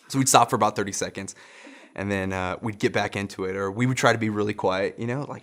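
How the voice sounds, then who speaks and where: Low-voiced pastor telling a story, laughing. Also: male voice, a little fast, a bit bright. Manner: chuckles often while telling a story. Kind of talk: casual storytelling sermon.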